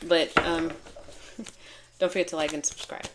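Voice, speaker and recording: Woman tarot reader, low-ish voice, chatty and giggly, rambling and casual. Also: little pitch movement, measured pace, very noisy. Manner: chatty, laughing, self-interrupting. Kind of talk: casual tarot reading to camera.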